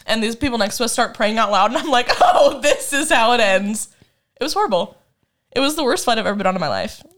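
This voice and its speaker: A woman's voice: a little high, expressive, racing, a bit bright. A woman in her twenties chatting casually as a podcast co-host, telling a rambling, dramatic story full of laughs. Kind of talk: casual chat.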